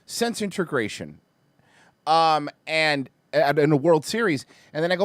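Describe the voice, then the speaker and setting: A man with a high voice that leaps up and down hosts a casual podcast chat. He tells stories in an animated, profane way, full of fillers and restarts. The sound is close and dry, with no room around it. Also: normal speed, dry recording. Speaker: podcast host.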